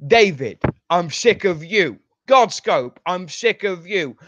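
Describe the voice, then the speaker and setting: A man delivering an angry, profane ranting monologue with drawn-out emphatic delivery. He sounds furious throughout. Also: sits high, a bit bright, no room sound. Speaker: online show personality. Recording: dull lo-fi dry recording.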